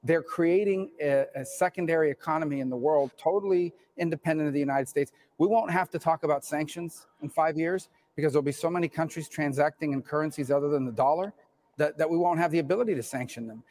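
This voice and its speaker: A man's voice: on the high side, fast talker, a little mellow. A man giving political commentary in a played clip, urgent and emphatic.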